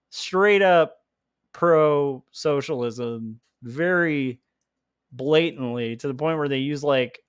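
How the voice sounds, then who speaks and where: His voice is medium-pitched, clear, and resonant, captured in studio quality without echo. While drawing comics live on stream, this artist chats loosely, laughs frequently, and fills his sentences with "like."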